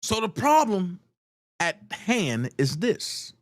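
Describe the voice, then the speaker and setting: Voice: mid-range voice, big pitch swings, slow pace, no echo, clean studio sound. A live-stream host giving blunt, profane commentary and repeating pointed rhetorical questions for emphasis.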